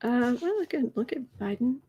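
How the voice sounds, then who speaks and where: A woman's voice: on the high side, animated, moderate pace, husky, dull audio. A woman hosting a livestream, reading viewer comments aloud and chatting, sometimes dropping to a whisper or cooing to her pet. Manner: chatty, drifts into soft whispers and coos to a pet. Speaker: astrology and tarot channel host.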